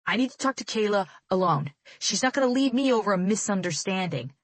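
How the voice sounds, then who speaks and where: A woman's voice: mid-range voice, expressive, fairly quick, no room sound, lightly acted. A woman voicing a violent, drugged young man who hisses and snarls threats in an audiobook. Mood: menacing.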